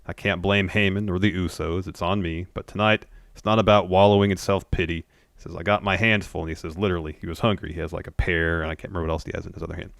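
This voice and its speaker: Male podcast co-host, very low voice, dry close sound, relaxed recap. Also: fast talker, creaky, dry recording. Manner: laid-back, reads out quotes flatly. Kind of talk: casual wrestling recap chat.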